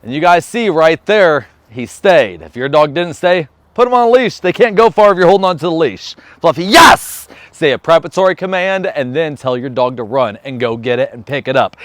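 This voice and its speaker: A man's voice: on the high side, no echo. A man talking casually in a how-to vlog, upbeat and chatty, switching to short firm commands for his dog. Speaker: vlogger and dog trainer. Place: outdoors training a dog.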